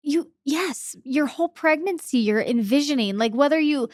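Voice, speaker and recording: A young woman telling a personal story on a podcast, emotional and halting, repeating her words as feeling comes up. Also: high-pitched, animated, a little mellow, no room sound, studio quality. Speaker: podcast guest.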